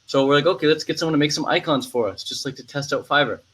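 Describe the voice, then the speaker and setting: A young man talking in a relaxed, slangy way, filling his speech with "like" and "man" as he shares his thoughts. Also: on the high side, fast talker, breathy edge, poor audio. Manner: laid-back, slangy, full of "like" and "man". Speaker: vlogger. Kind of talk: casual chat.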